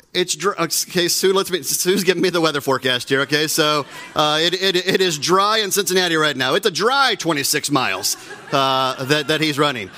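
A man's voice: a little high, sharp tone. A middle-aged man preaching a sermon from a church pulpit, chatty and joking with the congregation. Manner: joking, conversational, self-deprecating asides. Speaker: pastor. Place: church sanctuary.

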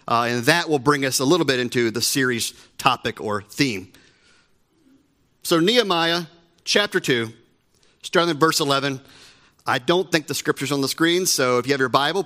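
A man's voice: fairly high pitch, sharp tone. A middle-aged man preaching a sermon from a church pulpit, chatty and joking with the congregation. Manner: joking, conversational, self-deprecating asides. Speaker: pastor. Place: church sanctuary.

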